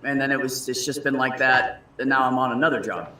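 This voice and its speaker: A man in casual chat, telling stories with lively quoted voices and frequent swearing. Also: medium pitch, brisk, far from the mic, slight background noise. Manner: animated storyteller, swears freely, acts out quoted voices. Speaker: guest. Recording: echoey room.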